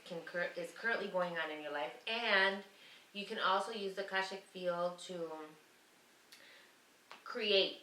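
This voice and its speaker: A woman talks through spiritual ideas in a loose, rambling podcast chat, often pausing to find the next word. Her voice is very bright. She sits a bit back from the mic in an echoey room. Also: fairly low pitch, recorded from a distance, slight background noise. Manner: rambling, searching for words, laughs often. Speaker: guest, Akashic Records reader.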